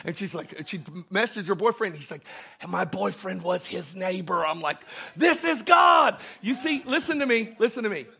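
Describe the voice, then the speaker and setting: A man's voice: sits high, lively intonation, a little fast, vocal fry, a bit bright, breathy edge. A middle-aged man preaching a sermon as pastor, telling a story with emphatic bursts.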